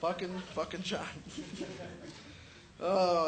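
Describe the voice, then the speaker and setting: A man's voice: high voice, expressive, brisk, a bit bright, slight background noise. A young man doing a stand-up comedy set, telling crude, profane stories and acting out quotes. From Chicago area.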